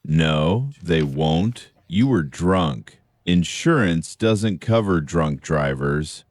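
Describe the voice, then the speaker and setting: A man voicing a stern police officer in a learner's storybook. His voice is deep and blunt, taken slowly, recorded close and dry. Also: animated, slightly rough, no echo, exaggerated voice. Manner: blunt, matter-of-fact. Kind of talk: slow scripted story for learners.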